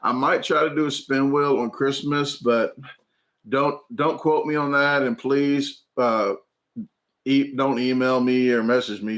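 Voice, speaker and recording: A food channel host in his forties, from the US, chats through viewer comments during an informal livestream at home. Fairly bright in tone and middle in pitch, his delivery is hesitant, broken up by ums, uhs, and repeated false starts.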